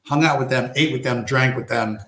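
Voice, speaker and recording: A man's voice: medium pitch, brisk, a bit bright, echoey room, a little hiss or hum. A man hosting a casual live stream, rambling through stories, swearing and acting out quoted lines. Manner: rambling storyteller, acts out quoted tough-guy lines, swears.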